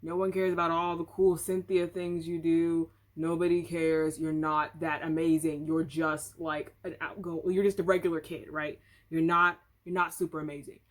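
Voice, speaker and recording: A woman's voice: sits low, little pitch movement, normal speed, few pauses, close to an everyday voice. A woman voicing a fed-up father who bluntly scolds a child, exasperated.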